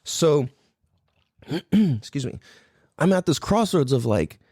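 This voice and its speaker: Male podcast host from California, mellow, dry close sound, loose rambling delivery, lots of cursing. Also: fairly high pitch, sing-song, slow pace, slightly rough, dry recording. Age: adult parent. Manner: rambling, heavy swearing, frequent fillers. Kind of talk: casual solo podcast monologue.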